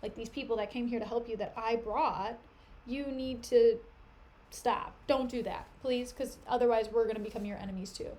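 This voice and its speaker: A woman's voice: fairly high pitch, steady tone, normal speed, a little mellow, natural voice. A woman voicing a stern, tired male general who talks bluntly, in a casual retelling of a play on stream. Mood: exasperated.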